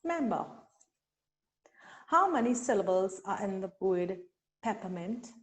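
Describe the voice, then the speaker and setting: A woman from Trinidad and Tobago leading a teacher-training webinar, speaking deliberately and sounding out syllables slowly. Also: medium pitch, lively intonation. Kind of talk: instructional webinar talk.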